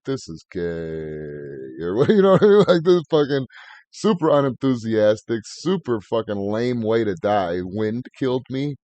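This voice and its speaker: A man's voice: mid-range voice, a little mellow, no room sound, lo-fi sound. A man hosting a podcast in casual, crude, rambling banter. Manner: profane, jokey, rambling. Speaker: podcast host.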